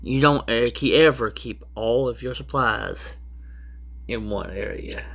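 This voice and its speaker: Guy talking slow, rambling prepper tips, lots of restarts. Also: mid-range voice, vocal fry, a bit bright. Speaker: prepper vlogger. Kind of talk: casual rambling how-to talk.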